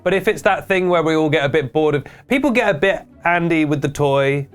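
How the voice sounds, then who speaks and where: A man hosting a comedic internet news vlog, with wry, deadpan asides. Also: a little high, brisk, clean tone, soft background music. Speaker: host.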